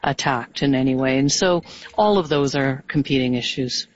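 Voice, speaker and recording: A woman, a senator answering interview questions in a measured, halting way with many fillers. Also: rumbling low, dull audio. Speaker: senator, guest.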